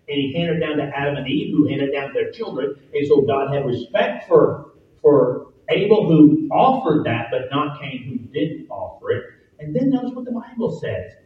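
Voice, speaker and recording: Echoey, distant male preacher. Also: fairly high pitch. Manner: emphatic, rising to loud repeated points. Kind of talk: sermon. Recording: echoey, distant, dull sound.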